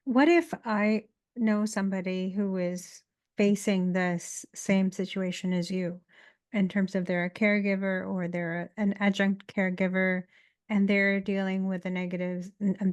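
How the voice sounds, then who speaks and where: A woman's voice: medium pitch, fairly even intonation, moderate pace, a little mellow, clean tone. A woman co-hosting an interview, asking questions and thanking the guest in an appreciative way. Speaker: co-host. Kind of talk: casual interview chat.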